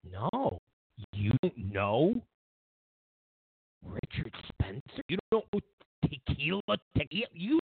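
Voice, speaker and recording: A man's voice: high-pitched, slightly rough, narrow, tinny audio. A man hosting a political commentary show, ranting sarcastically and incredulously, stammering through restarts.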